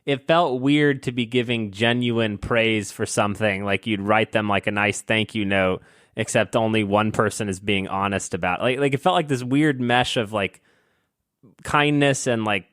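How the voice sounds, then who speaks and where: A man's voice: fairly low pitch, normal speed, a bit bright, dry recording, clean studio sound. A man co-hosting a podcast, chatting casually in a rambling, self-deprecating way with lots of filler words. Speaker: podcast co-host. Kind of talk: casual chat.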